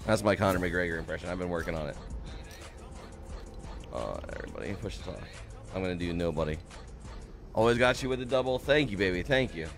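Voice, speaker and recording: A man's voice: deep voice, animated, a little fast, long pauses, soft background music. A young man streaming a game, chatting casually and upbeat, greeting viewers by name and swearing now and then. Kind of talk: casual live-stream chat.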